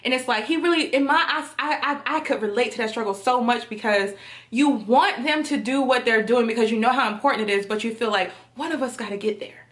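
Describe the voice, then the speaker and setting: A woman vlogging a casual, slangy film review to her viewers, animated and often laughing. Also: on the high side, fairly quick. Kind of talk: casual chat to camera.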